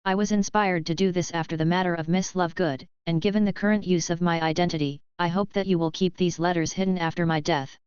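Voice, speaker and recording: A woman voicing an elderly male headmaster wizard, speaking calmly, politely and in a measured way. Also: fairly low pitch, smooth, no echo, lo-fi sound, natural voice. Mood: calm, gentle.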